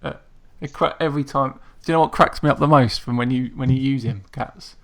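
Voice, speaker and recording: A man hosting a loose live-stream chat, his voice gravelly with a bit of fry. He laughs easily and doubles up his words as he goes. The pitch sits in the middle for a man. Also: a little fast, a bit bright. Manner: laughs often, repeats words as he talks. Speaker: host.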